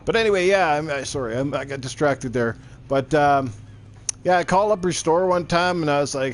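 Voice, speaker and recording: A man's voice: fairly high pitch, a little fast. A middle-aged man chatting casually while streaming a game, rambling and swearing freely. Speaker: gaming streamer. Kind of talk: casual chat while gaming.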